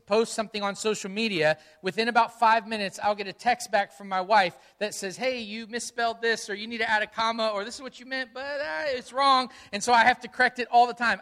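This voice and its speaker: A middle-aged man preaching a sermon as pastor, conversational and energetic, with many rhetorical questions. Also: sits high.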